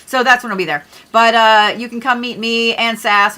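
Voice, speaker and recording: A woman's voice: fairly high pitch, expressive, brisk, few pauses, sharp tone. A young woman hosting a casual livestream, chatting in a rambling, loose way and cursing now and then. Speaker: livestream host, astrology reader.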